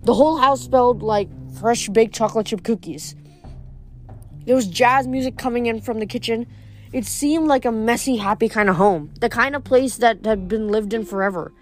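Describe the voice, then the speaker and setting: A woman reading a novel aloud, steady and expressive. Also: fairly high pitch, moderate pace, faint music behind. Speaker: reader. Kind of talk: audiobook narration.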